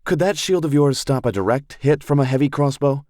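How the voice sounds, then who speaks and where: A man voicing a practical young woman archer who talks in a brisk, matter-of-fact way. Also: mid-range voice, a little mellow, no room sound, clean studio sound, voice pushed up, lightly acted.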